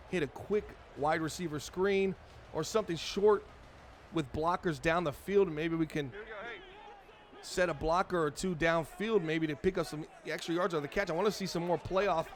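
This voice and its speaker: High-voiced man calling a football game. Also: slight background noise. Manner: chatty play-by-play, fan cheering on his team. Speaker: streamer playing a football franchise mode. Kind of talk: casual live-stream game commentary. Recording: game music playing behind voice. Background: video game music and sounds.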